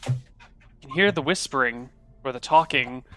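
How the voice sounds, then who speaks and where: A man narrating a tabletop game as game master, describing scenes in a halting, descriptive way. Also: mid-range voice, fairly bright tone, dry recording, faint music behind.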